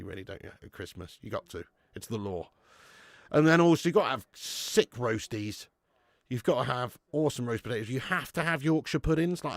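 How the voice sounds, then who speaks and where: This watch-along host is a young man whose gravelly, fry-edged voice bounces up and down in pitch as he reads the live chat during a football stream. He keeps it casual, laughing often, swearing plenty and calling viewers "mate," and the recording is dry and close with no room sound.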